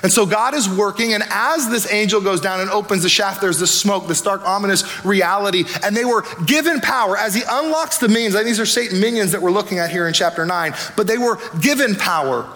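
Pastor guy preaching, high voice, chatty and energetic. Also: fairly quick, few pauses. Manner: energetic, conversational preaching with acted asides. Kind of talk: sermon.

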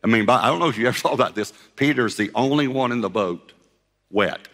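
A man preaching a sermon as pastor, telling the story with lively acted-out voices and laughter. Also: mid-range voice, fast, long reverb tail.

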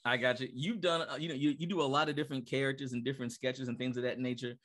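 A man's voice: mid-range voice, steady tone, very fast, fairly bright tone. A man hosting a podcast, asking questions in a loose, wordy way. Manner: wordy, rambling question setups. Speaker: podcast host. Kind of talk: casual podcast interview.

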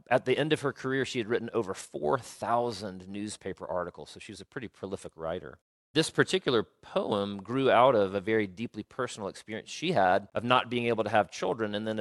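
A man with a lowish voice preaches in a conversational way, pausing on fillers before reading a long passage aloud. The sound is dry and close. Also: a bit bright, dry recording. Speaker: pastor. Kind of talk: sermon with scripture reading.

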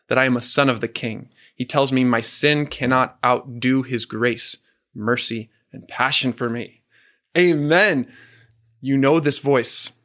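Guy preaching a sermon, earnest, mid-pitched voice, leans on words slow. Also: sharp tone. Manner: earnest, slow and emphatic, asks the audience questions.

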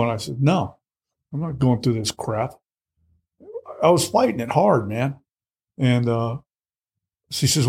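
A man's voice: mid-range voice, moderate pace, pauses often, a little mellow. A middle-aged man telling his own story in conversation, blunt and plainspoken, full of fillers and restarts. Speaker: guest.

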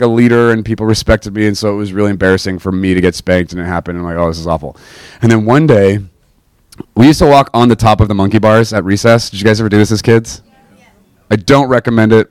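A young man casually telling a personal faith story to listeners, animated and self-mocking, often checking in with "right?". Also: fairly low pitch, fast talker, clear, resonant tone, no echo.

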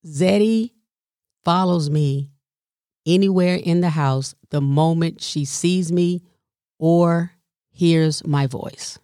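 A middle-aged woman caring for her mother, telling a personal story in an animated, colloquial way and sometimes dropping into a whisper. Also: fairly low pitch, slow, no echo, studio quality. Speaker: family caregiver.

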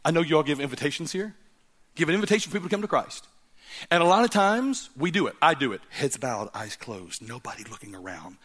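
A middle-aged man preaching a storytelling sermon as a guest preacher. He is animated, moving from loud laughing punchlines to hushed, earnest reflection. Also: fairly high pitch, fast talker.

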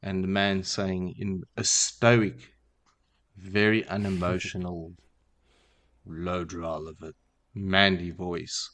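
A man hosting a podcast, casually retelling a book chapter in a relaxed, wry way with many fillers. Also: deep voice, takes it slowly. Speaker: podcast host.

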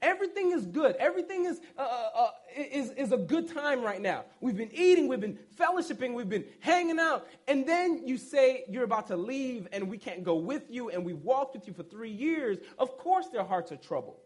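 A man preaching a casual, conversational sermon, retelling a story with animated delivery and joking asides. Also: very high-pitched, moderate pace, few pauses.

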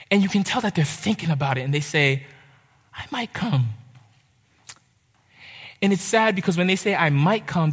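A young man preaching a sermon, urgent and impassioned, with dramatic pauses. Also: sits high, husky. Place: church hall. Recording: reverberant hall.

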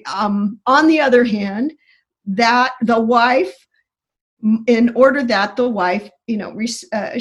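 A woman's voice: on the high side, husky. A woman scholar being interviewed, explaining Greek grammar earnestly and step by step, often restarting her sentences. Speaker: biblical Greek scholar guest.

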